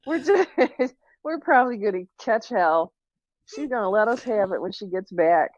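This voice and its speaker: A woman's voice: medium pitch, expressive, normal speed, a little mellow, no room sound, lo-fi sound. A woman chatting casually on a livestream video call, telling a funny story and laughing often. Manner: giggly storyteller, laughs through her stories.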